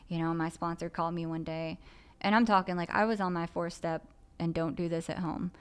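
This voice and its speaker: A woman's voice: lowish voice, steady tone, fairly quick, clean tone. A woman speaking candidly and earnestly on a podcast about her own recovery, with frequent filler phrases. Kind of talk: candid personal podcast talk.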